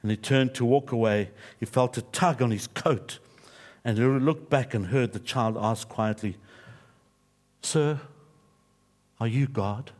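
Male pastor, mid-pitched, storytelling sermon and prayer. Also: moderate pace. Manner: steady storytelling, softening into reverent prayer. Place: church.

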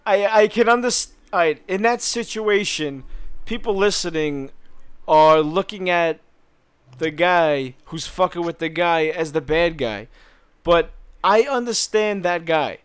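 A man's voice: fairly high pitch, lively intonation, clean tone. A man co-hosting a podcast in casual chat, stumbling over his words and chuckling as he talks. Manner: halting, restarts sentences, chuckling. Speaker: podcast co-host.

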